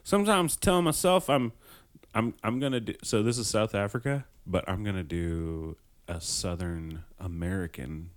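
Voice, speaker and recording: A man hosting a podcast in casual chat, joking crudely with frequent swearing and halting restarts. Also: on the low side. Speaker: podcast host.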